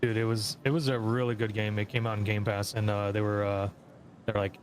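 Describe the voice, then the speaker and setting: A man's voice: fairly low pitch, little pitch movement, a little fast, a little hiss or hum. A man chatting casually with friends during a game, telling rambling stories full of fillers. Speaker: gaming friend. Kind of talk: casual gaming chat.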